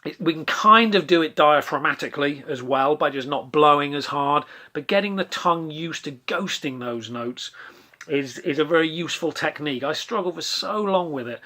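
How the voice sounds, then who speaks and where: A man's voice: on the high side, animated, normal speed, sharp tone. A man with a slightly raised voice teaches saxophone in a loose, conversational way. He keeps breaking into scat-sung rhythm syllables to show the phrasing, and he jokes at his own expense along the way. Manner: self-deprecating asides. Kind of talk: relaxed instructional talk.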